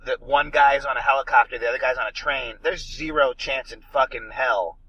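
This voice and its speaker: A man's voice: mid-range voice, steady tone, brisk, fairly bright tone, dull audio, slight background noise. Ranting profane man reviewing a movie. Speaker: podcast co-host. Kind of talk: casual movie review chat.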